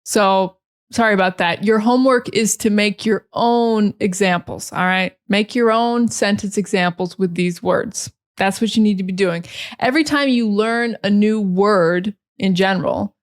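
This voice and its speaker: A young American woman teaching English pronunciation to learners, modeling words slowly and repeating them clearly for imitation. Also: mid-range voice. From United States.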